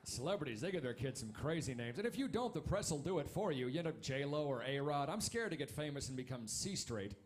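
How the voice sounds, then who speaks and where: A man in his thirties doing a stand-up comedy set on a club stage, wry and punchy, with quick asides to the crowd. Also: on the high side, expressive, a little hiss or hum.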